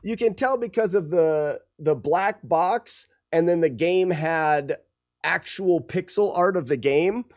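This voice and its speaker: A man's voice: on the high side, slow, dry recording. A man streaming a retro game, explaining it casually with many fillers. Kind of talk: casual gameplay commentary.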